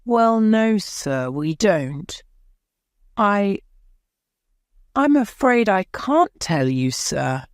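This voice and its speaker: A woman's voice: mid-range voice, big pitch swings, drawn-out words, pauses often, clear, resonant tone, no room sound, studio quality, pitched above the performer's own voice, heavily acted. A woman voicing a nervous male airport policeman giving hesitant, polite answers in court. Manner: hesitant, deferential, adds "sir".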